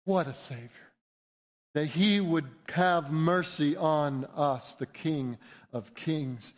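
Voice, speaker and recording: A man's voice: on the high side, slow pace. A man preaching a sermon in an earnest, emphatic way, building to rising appeals. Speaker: pastor.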